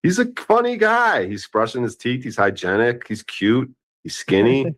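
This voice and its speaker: A man's voice: medium pitch, wildly swooping pitch, moderate pace, a bit bright. A man hosting a casual group stream, joking around and teasing his guests. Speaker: host. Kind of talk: casual chat on a live stream.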